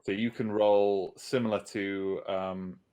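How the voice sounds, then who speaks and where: Slow, low-voiced male game master. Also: flat delivery, warm tone, smooth. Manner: hesitant, many ums and uhs. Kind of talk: narrating a tabletop game.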